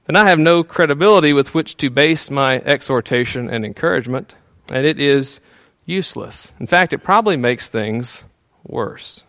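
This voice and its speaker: A male pastor speaking at an ordinary middle pitch, talking through his sermon casually, with frequent "uh"s and chuckles at himself. When he prays, his voice grows soft and hushed. The sound is dry and close, with no room echo. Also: animated, moderate pace, hardly any pauses. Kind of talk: conversational sermon.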